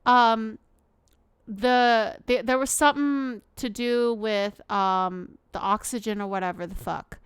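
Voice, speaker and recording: High-voiced woman streamer reacting emotionally. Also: fairly even intonation, slow, clean tone, no room sound. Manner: emotional, swears a lot, exclaims.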